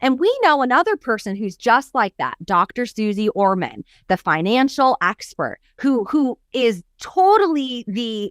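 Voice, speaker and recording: A woman's voice: a little high, a little slow, few pauses, dry recording, studio quality. A woman coach co-hosting a podcast in a casual chat, telling stories with a lot of animation. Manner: animated storyteller who acts out quotes. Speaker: podcast co-host and business coach.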